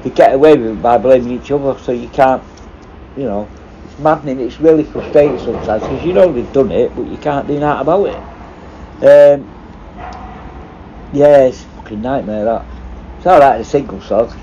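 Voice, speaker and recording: Pausing often, a former prison officer with a warm, mid-range voice speaks at normal speed through rambling anecdotes packed with swearing. It's a casual storytelling session on a dull, slightly noisy lo-fi recording.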